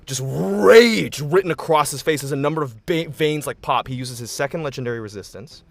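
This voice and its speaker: A man's voice: mid-range voice, normal speed, vocal fry, faint music behind. A man narrating a tabletop game as game master, descriptive and accommodating, often restarting his sentences.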